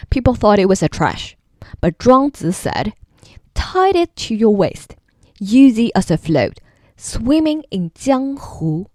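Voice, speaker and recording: A woman hosts a casual explainer video, speaking at a relaxed, deliberate pace. Her pitch rises and falls in a lively, animated way as she plays out little sound examples. The recording is close and dry, with no room behind her. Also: no echo. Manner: playful, demonstrates sounds with exaggerated examples. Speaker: video host teaching name pronunciation.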